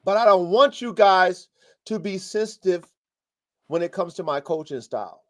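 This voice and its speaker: A man's voice: high-pitched, expressive, normal speed, a bit bright. A man hosting a live podcast, coaching dog breeders in a blunt, profane, fired-up way. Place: home studio, live stream.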